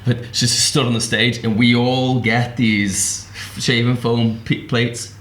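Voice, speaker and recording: A man hosts a casual podcast from a pub, telling stories in British English as an animated storyteller who acts out voices and swears freely. His mid-range voice takes things slowly, and the recording sounds roomy and very noisy.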